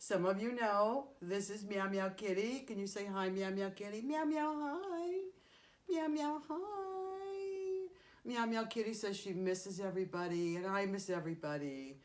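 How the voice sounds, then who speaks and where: A woman who entertains children, speaking to young kids in a gentle, sing-song way with exaggerated emphasis. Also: fairly low pitch.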